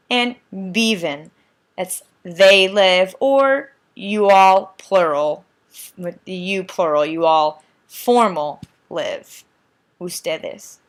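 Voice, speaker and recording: A woman explaining grammar at an unhurried, deliberate pace, with a voice of middle pitch. She goes through each form patiently, repeats key points and checks in with "right?" like a teacher at the board. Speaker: Spanish teacher. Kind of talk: slow, patient classroom explanation.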